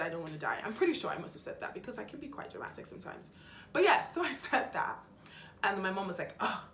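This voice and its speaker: A young woman vlogging about her own experience, chatty and a bit dramatic, acting out what people said to her. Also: fairly low pitch. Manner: chatty, dramatic, quick retellings with lively quoted voices. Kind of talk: personal storytelling vlog. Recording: roomy echo with faint background hum.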